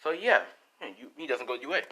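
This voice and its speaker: Man, rambling casual storyteller, lots of fillers, lively swinging pitch, improvised fan fiction. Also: quick pace. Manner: rambling, full of "you know" and "like".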